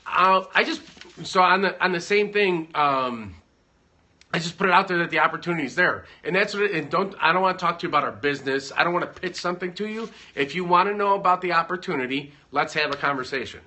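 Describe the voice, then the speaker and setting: A man's voice: sits high, fast, pushed and bright. A man chatting casually at home on a livestream, giving business advice in a rambling, joking way. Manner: rambling, self-interrupting, joking.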